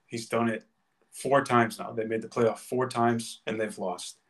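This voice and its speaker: A man's voice: medium pitch, flat delivery, measured pace. A man co-hosting a podcast, making his case in a casual sports debate with passion and emphasis. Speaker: podcast co-host.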